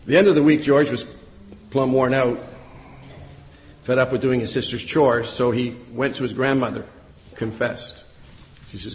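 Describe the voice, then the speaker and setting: A man's voice: mid-range voice, moderate pace. Man, pastor, sermon, emphatic repetition, echoing church hall. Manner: storytelling preacher, emphatic repetition.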